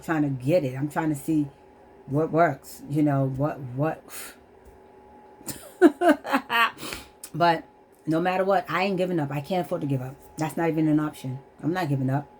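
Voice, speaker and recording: Vlogger, woman, middle-aged, low voice, earnest and emotional, near tears, faint background noise. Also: moderate pace, a little mellow. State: holding back tears. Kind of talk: candid personal testimony to camera.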